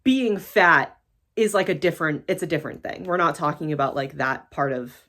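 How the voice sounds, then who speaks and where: A fairly low-pitched woman from the United States rants to her camera in a casual vlog, blunt and unfiltered. Her pitch leaps up and drops back down as she gets worked up, and she swears freely. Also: moderate pace, bright, forceful tone. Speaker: YouTuber.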